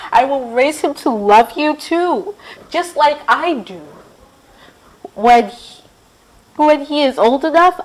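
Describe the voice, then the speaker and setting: A woman's voice: sits high, pitched above the performer's own voice, low-quality recording. A woman voicing an earnest young woman pleading in prayer in a storybook reading. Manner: pleading, heartfelt.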